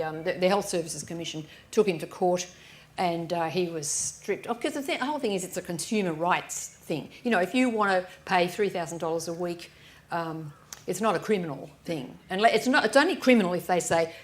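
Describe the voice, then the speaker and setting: A woman, an author on a live panel, telling stories and acting out the voices of people in them. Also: on the low side. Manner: lively anecdotes, acting out voices with frequent restarts. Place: live event stage.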